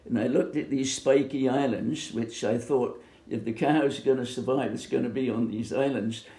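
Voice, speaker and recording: An older man from Bermuda recalling his youth in an oral history interview, speaking haltingly with many pauses and fillers. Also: medium pitch, fairly even intonation, dark tone. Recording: echoey room.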